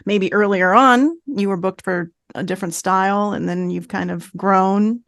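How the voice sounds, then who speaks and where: A woman's voice: mid-range voice, moderate pace, a bit bright. A woman with a mid-range voice hosts a casual podcast interview, enthusiastic and affirming. The recording is dry and close, with no room echo. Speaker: podcast host.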